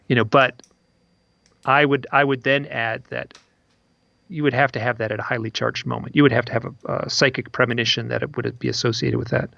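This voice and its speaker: A man's voice: medium pitch, fairly even intonation, normal speed, vocal fry, a bit bright, no room sound, dull audio. A man, an author guest in an interview, telling stories in a rambling way with many restarts and repeated words. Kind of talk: interview storytelling.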